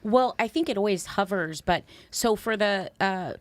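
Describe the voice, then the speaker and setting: A woman in her thirties, appearing as a guest, talks candidly and earnestly in casual conversation. Her mid-range voice moves at normal speed, and she becomes animated when recounting things and laughs in a lively way.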